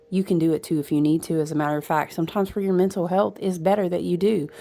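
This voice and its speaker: A woman's voice: fairly low pitch, gravelly. A woman giving a casual spiritual oracle card reading, chatty and full of fillers, addressing her viewers directly.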